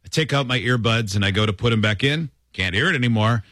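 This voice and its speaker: A man's voice: medium pitch, quick pace, dry recording. A man in his twenties hosting a talk radio show in a studio, telling stories with self-mocking humor. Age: 20s. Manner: animated storyteller, self-mocking. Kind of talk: lively talk radio chat, reading listener stories.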